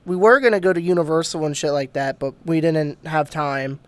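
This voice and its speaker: A man hosting a casual podcast, relaxed and laughing easily as he asks questions. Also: fairly high pitch, fairly quick, clean tone, no room sound.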